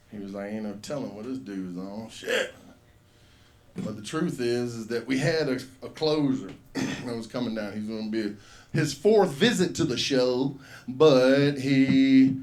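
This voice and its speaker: A man hosting an open mic, telling a profane, animated stand-up story and acting out the quotes. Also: mid-range voice.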